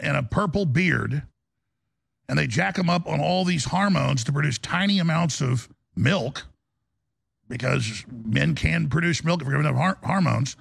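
A male talk radio host with a gravelly, raspy voice, rambling in an impassioned studio monologue with restarts and rising outbursts. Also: on the high side, a bit bright, dry recording. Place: broadcast studio.

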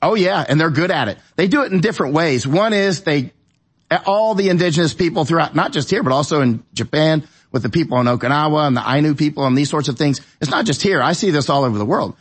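High-pitched rambling male guest. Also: lively intonation, fast, husky. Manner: rambling, digressive, with many restarts. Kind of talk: casual talk show conversation.

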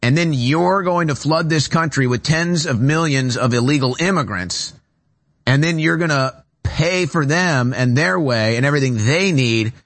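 A man's voice: a little high, moderate pace, fairly bright tone. Urgent man ranting on a talk show. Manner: emphatic, repetitive, urgent ranting. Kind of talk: political commentary monologue. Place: radio studio.

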